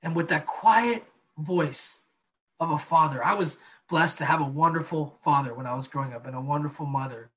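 A man preaching a sermon, earnest, slowing down and dropping soft on key phrases. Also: on the high side. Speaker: pastor.

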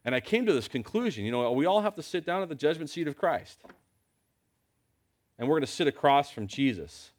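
Lively conversational male preacher. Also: fairly high pitch, quick pace. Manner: lively, conversational, rhetorical questions. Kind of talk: sermon. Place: church.

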